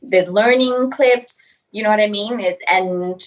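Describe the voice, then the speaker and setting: A woman from Australia, a guest on a casual podcast interview, telling stories in an animated, giggly way with many fillers. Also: medium pitch, unhurried, low-quality recording.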